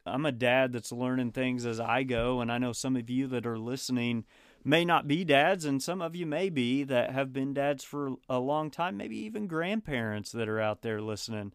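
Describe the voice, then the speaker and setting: A man's voice: mid-range voice, moderate pace, clear, resonant tone, no room sound, studio quality. A man in his thirties hosting a casual podcast, a father of two, talking in a rambling, friendly way with frequent restarts. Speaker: podcast host.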